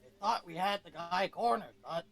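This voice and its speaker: A man reading as a gravelly flustered henchman. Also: high-pitched, normal speed, fairly bright tone, heavily acted. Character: bumbling male henchman making excuses.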